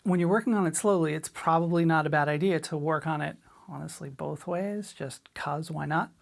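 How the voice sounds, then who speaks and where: A middle-aged woman teaching a drum lesson in a relaxed, chatty way, sometimes scatting rhythms aloud. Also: sits low, fairly quick, gravelly. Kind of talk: casual spoken lesson.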